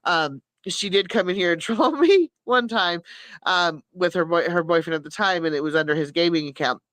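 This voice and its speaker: A woman's voice: on the low side, lively intonation, moderate pace, a bit bright, no echo, rough recording. A middle-aged woman chatting candidly on a live stream, rambling earnestly with frequent restarts and self-corrections. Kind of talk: candid personal chat.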